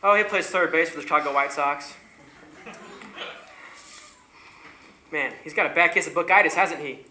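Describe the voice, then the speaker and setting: A woman's voice: low-pitched, fast talker, sharp tone, slight background noise. A woman playing a wisecracking, confident male factory superintendent in a stage musical, wry and flirtatious, recorded in an echoey hall. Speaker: stage actor. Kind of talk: amateur stage musical acting.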